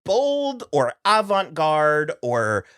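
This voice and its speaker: A man's voice: a little high, wildly swooping pitch, very slow, fairly bright tone, smooth, dry recording, clean studio sound. A man co-hosting a casual TV recap podcast, frank and exasperated, often restarting his sentences. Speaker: podcast co-host.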